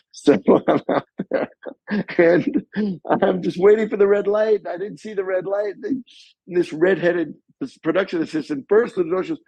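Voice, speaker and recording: A man being interviewed as a guest actor, telling animated stories and acting out other people's voices. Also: sits high, normal speed, gravelly, no echo. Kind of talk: anecdotal storytelling. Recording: slightly muffled recording.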